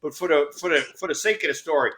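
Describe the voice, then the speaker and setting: A man's voice: a little high, fast talker. A middle-aged man co-hosting a casual baseball talk show, telling stories with acted-out voices and plenty of swearing. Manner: animated storyteller, acts out voices, swears freely. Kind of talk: casual storytelling chat.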